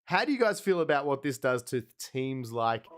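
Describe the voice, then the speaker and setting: A man's voice: mid-range voice, sing-song, moderate pace. An Australian man co-hosting a casual podcast, chatty and self-deprecating, who laughs easily. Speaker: podcast co-host. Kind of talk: casual chat.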